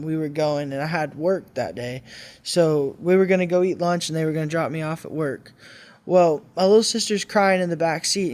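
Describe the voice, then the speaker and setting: A man in his twenties, a podcast guest, telling his own life story in a candid, conversational way with some restarts. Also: fairly high pitch. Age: 20s. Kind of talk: personal storytelling.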